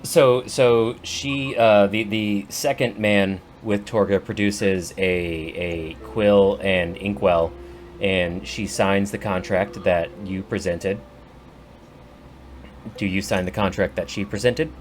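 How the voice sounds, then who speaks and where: A man running a tabletop game as game master, narrating in a relaxed, hesitant way. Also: on the low side, slow pace, a little hiss or hum. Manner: relaxed, hesitant, many fillers.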